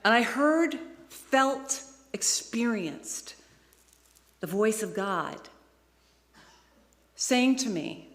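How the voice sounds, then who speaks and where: A woman's voice: a little high, extremely slow, long pauses. Woman preaching in an echoing hall. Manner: emotional storytelling, rising to excited peaks. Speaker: guest speaker. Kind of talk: sermon. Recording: long hall reverb.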